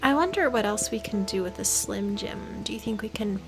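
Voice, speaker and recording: A woman's voice: medium pitch, expressive, moderate pace. Playful woman gamer over game music. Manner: playful, dramatic, giggly. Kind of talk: casual let's-play commentary.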